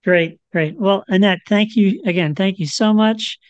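A woman co-hosting a radio talk show, speaking in a relaxed, thoughtful way. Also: mid-range voice, a little slow, dry recording, dull audio.

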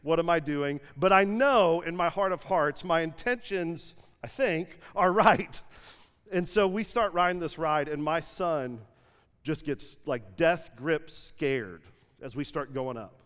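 A pastor in his thirties telling a family story in a lively sermon, peppered with "like" and acted-out quotes. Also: on the high side, unhurried, clean tone. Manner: lively anecdotal storytelling with frequent "like", acting out quotes. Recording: long hall reverb from a church stage.

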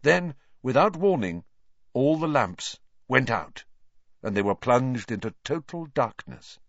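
A man reading a novel aloud as narrator, in an expressive, varied way. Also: mid-range voice, a little slow, dry recording, highs cut off. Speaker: audiobook narrator.

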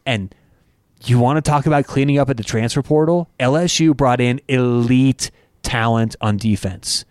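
A man's voice: mid-range voice, normal speed, clean tone, no echo, clean studio sound. A man co-hosting a casual sports betting podcast, talking animatedly and joking around. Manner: animated, jokey, breaks into put-on accents. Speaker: co-host.

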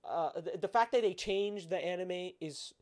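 A man's voice: high-pitched, normal speed, darkish tone. A man co-hosting a podcast in casual chat, rambling and slangy, full of "like" and "bro". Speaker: podcast co-host.

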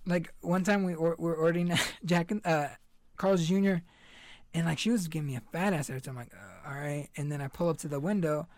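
A young man hosts a podcast, rambling casually in a laid-back chat and swearing a lot. His voice is on the high side, a little mellow and quick-paced, with no echo.

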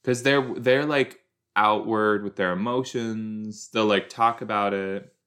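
Young male podcast host, slow, rambling, self-deprecating watch-along chatter. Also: lowish voice, a bit bright. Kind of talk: casual watch-along commentary.

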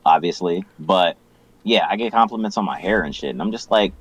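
A man's voice: deep voice, fairly quick, husky, low-quality recording. A young man co-hosting a podcast, bantering casually in slang with the odd formal phrase dropped in. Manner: relaxed slang banter, now and then oddly formal wording. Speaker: podcast co-host. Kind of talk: casual chat.

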